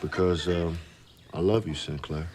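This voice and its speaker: An actor playing a gentle, slightly corny man courting his girlfriend in a 1990s sitcom. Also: sits low, steady tone, measured pace, heavy background noise. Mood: tender.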